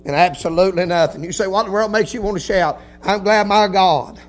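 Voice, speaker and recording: A man preaching a folksy sermon, telling a story quietly, then building to shouted preaching with hallelujahs. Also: high-pitched, brisk, faint music behind. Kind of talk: Pentecostal-style sermon.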